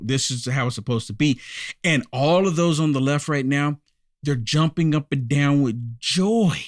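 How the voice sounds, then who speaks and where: A man hosting a live-streamed commentary show speaks emphatically and hammers his points through repetition, turning often to address his viewers. His voice sits a little high for a man. The sound is dry and close, with no room echo. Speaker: political commentary host.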